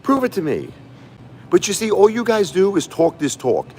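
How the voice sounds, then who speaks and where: A man's voice: high-pitched, huge pitch swings, normal speed, a little mellow, a little hiss or hum. A man livestreaming a combative, boastful rant, taunting his critics and repeating himself. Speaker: livestreaming YouTuber. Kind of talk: ranting livestream monologue.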